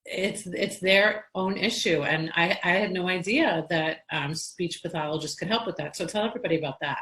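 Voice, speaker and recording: A woman hosting a casual interview in a somewhat low voice. She is chatty and tells stories in long, winding sentences, often restarting her thoughts. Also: normal speed, fairly bright tone, low-quality recording. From Long Island, New York. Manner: chatty, storytelling, with frequent restarts. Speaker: podcast host.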